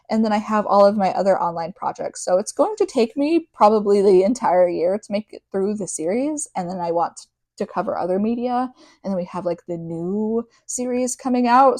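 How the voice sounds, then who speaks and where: A woman's voice: medium pitch, a little mellow, no echo. Chatty young woman recapping a book. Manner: chatty, rambling with many fillers and tangents. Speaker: podcast host. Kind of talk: casual book recap podcast.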